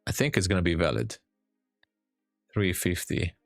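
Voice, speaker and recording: A man from Hungary with a Hungarian accent, chatting with viewers and calmly explaining charts as a day trading streamer. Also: sits low, normal speed, creaky, no echo, studio quality, soft background music. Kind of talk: live-stream chat and trade commentary.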